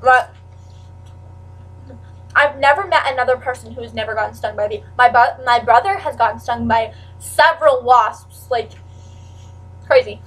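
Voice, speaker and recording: A teenage girl chatting casually to camera in a rambling way, full of "like" and with sudden loud outbursts. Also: fairly high pitch, moderate pace, long pauses, distant mic, low-quality recording. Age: teens. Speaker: vlogger.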